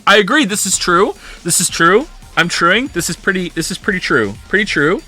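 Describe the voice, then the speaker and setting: A man's voice: high-pitched, animated, moderate pace, few pauses, pushed and bright, soft background music. A British man streaming live, reading an article aloud and stopping to comment on it and try out the words. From Britain. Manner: reads aloud and breaks off to comment, tries out pronunciations. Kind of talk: casual livestream chat, reading an article aloud.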